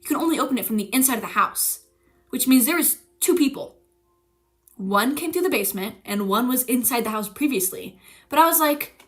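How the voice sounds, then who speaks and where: A young woman streamer telling a story in casual chat, animated and profane, acting out the voices of the people she quotes. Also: on the high side, moderate pace.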